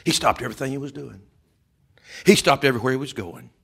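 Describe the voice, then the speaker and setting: A man preaching a sermon, swinging from loud shouting to hushed whispers. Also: medium pitch, fast talker, creaky, slightly rough. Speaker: pastor.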